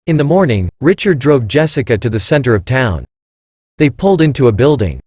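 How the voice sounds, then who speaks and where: A man narrating a scripted first-person story in an even, unhurried reading manner. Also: medium pitch, slightly rough, dry recording, clean studio sound.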